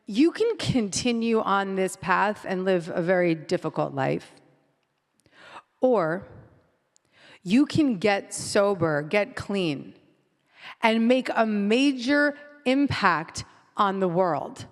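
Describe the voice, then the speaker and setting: A calm, commanding female psychic speaking with measured authority, as a woman puts her on while telling a story. Her slow, deliberate words ring through the long reverb of a live hall. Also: medium pitch. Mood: authoritative.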